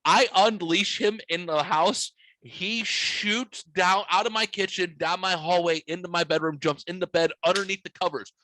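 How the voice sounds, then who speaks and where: A man hosting a casual podcast, telling a story with lots of swearing and acting out his own yelling. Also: sits high, fairly even intonation, normal speed, no echo. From United States. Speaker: podcast host.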